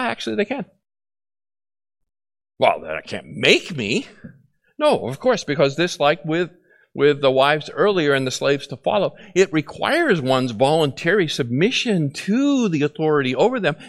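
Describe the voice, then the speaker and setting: A man preaching a sermon as a pastor, animated and often acting out short exchanges between children and parents. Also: on the high side.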